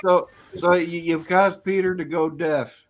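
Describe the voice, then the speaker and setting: Slow-talking man over loud noise. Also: fairly high pitch, fairly even intonation. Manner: dry, amused teasing. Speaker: participant in an online drone pilots' chat. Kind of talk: casual group call banter. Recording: call audio with loud background noise.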